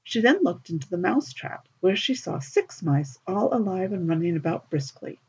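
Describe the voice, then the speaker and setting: A woman narrating a fairy tale in an expressive, lilting storybook reading, on a dull lo-fi recording. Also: fairly low pitch, moderate pace, husky.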